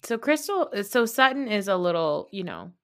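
This is a woman co-hosting a casual podcast, chatting about reality TV in a gossipy, blunt way. She swears freely and gets animated as she goes, with a voice of middling pitch. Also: normal speed. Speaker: podcast co-host. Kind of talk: casual reality TV recap chat.

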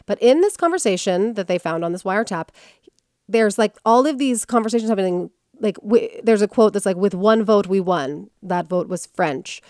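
A woman's voice: medium pitch, normal speed, dry recording, studio quality. Chatty woman telling a story. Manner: chatty, animated, with many fillers and quoted voices. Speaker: podcast host. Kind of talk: casual storytelling chat.

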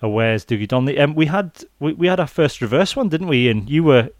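A man's voice: a little high, expressive, fast talker, no room sound, studio quality. A Scottish man hosting a rugby podcast in casual chat, reading out listener messages with lots of ums. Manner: chatty, many ums, reads out listener messages. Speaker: podcast host.

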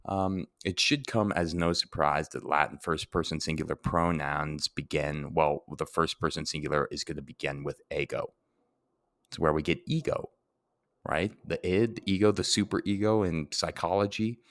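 A man's voice: a bass voice, steady tone, normal speed, fairly bright tone, no room sound. A man giving a casual Latin grammar lesson, chatty and self-deprecating, often asking rhetorical questions. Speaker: Latin teacher.

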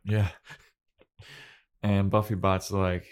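Brief: deep-voiced male podcast co-host, loose and profane, breaks into quick impressions while recapping. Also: steady tone. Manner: swearing, acts out characters' lines in loose voices. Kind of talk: casual recap chat.

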